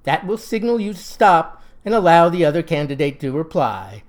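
A man's voice: fairly high pitch, sing-song, moderate pace. A man voicing an earnest small-town lodge president who speaks with a heavy stutter or with stiff formality.

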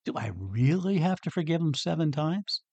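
A man's voice: fairly high pitch, big pitch swings, normal speed, a little mellow, no echo, highs cut off. A man putting on the voice of a nervous male disciple who hopes for a loophole, sheepish and confiding.

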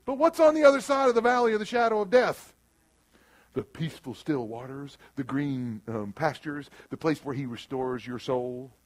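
Preaching man, loud to hushed. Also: fairly high pitch, animated, normal speed. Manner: swings between loud and quiet, acts out quoted voices. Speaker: pastor. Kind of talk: sermon. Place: church room.

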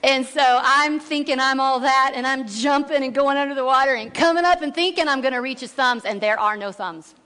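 A woman shares a heartfelt testimony from the pulpit, bringing her story to life by acting out each voice. Her voice sits a little high. The sound rings with the long reverb of a church sanctuary. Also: fairly quick, hardly any pauses, pushed and bright, smooth. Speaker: guest speaker at church.

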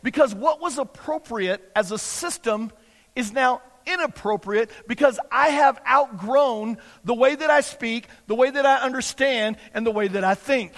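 A man's voice: very high voice, normal speed, fairly bright tone, big-room sound. A man preaching a sermon as pastor, emphatic and repetitive, sometimes acting out the people he quotes.

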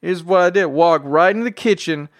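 A young man from Tennessee with a Southern drawl, talking excitedly and loosely in a casual motivational vlog. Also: high voice, a little fast, no room sound, studio quality. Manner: excitable, slangy, repeats himself. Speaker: vlogger.

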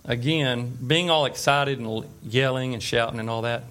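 A man's voice: mid-range voice, moderate pace, a bit bright. A man preaching an informal sermon, retelling scripture stories in a conversational way and checking in with his listeners. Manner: conversational storytelling with fillers and asides.

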